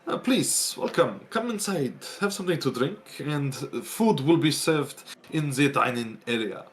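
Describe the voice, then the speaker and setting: A man's voice: on the high side, expressive, unhurried. A man voicing a stiff, upright male steward who greets guests with formal courtesy.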